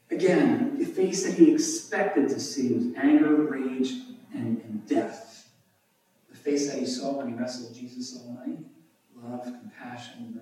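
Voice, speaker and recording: Guy preaching, mellow tone, really echoey room, mic kinda far off. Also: medium pitch. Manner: animated, emphatic, rising sharply on key words. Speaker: pastor. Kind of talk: sermon with scripture reading.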